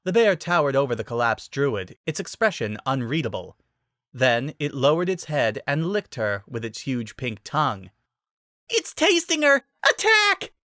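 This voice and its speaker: Narrator for a dramatic fantasy fan reading, expressive, lively pitch, dry close mic. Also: normal speed, no room sound.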